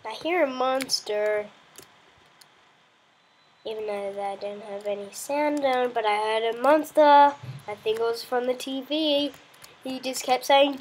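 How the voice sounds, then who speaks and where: A woman's voice: fairly high pitch, unhurried, long pauses, slight background noise. A woman giving casual, rambling gameplay commentary as the host of her own let's play, chatting playfully and talking to the animals in her game.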